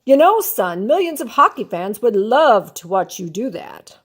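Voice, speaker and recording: Grandma as a slick sports agent. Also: female voice, on the high side, big pitch swings, a little slow, breathy edge, heavily acted. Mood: persuasive. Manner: coaxing salesman patter. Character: smooth-talking male sports agent, friendly.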